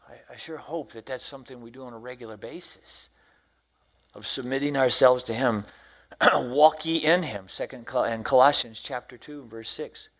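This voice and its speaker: Preaching at a medium pitch, this Tennessee man, who serves as a deacon and teaches Sunday school, recites scripture in long, unhurried phrases. His delivery shifts from near-whispers to loud outbursts.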